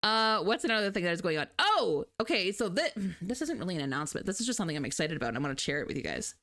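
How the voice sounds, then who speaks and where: A woman's voice: fairly low pitch, big pitch swings, racing, bright, forceful tone. A woman from Canada with a Canadian accent, chatting casually on a live stream, rambling and laughing often as she reads her chat.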